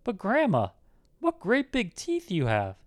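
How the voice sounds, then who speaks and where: A man's voice: mid-range voice, very animated, normal speed. A man voicing an innocent, polite little girl in a storybook reading, with a raised, sweet lilting voice.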